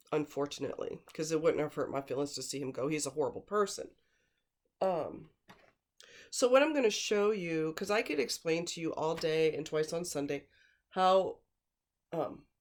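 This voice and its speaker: Blunt, scornful commentator; rambles, hammers points home by repeating words, ordinary mid-range voice. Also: medium pitch. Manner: emphatic, repeats words for stress; rambling, with digressions and fillers. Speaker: true-crime commentator. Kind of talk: casual spoken commentary.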